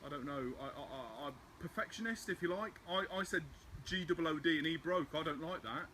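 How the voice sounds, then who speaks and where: A man's voice: a little high, brisk, pushed and bright, slight background noise. A man, a dog trainer explaining his method and giving short, firm commands during an outdoor demonstration.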